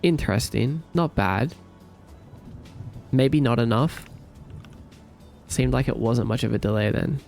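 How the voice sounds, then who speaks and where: A man's voice: medium pitch, a little slow, gravelly, long pauses, soft background music. A man live-streaming while he codes a game, chatting casually with viewers, sleepy, rambling and thinking aloud. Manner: relaxed, rambling, thinks aloud, hums to himself.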